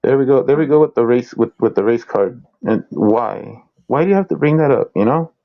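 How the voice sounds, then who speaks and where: A man talks through a casual reaction commentary, circling back and repeating words as he builds his point. His recording sounds dull and lo-fi. His pitch sits in a middle range. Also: expressive, a little fast, vocal fry. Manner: rambling, repeats words, laughs often. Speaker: co-host reacting to videos.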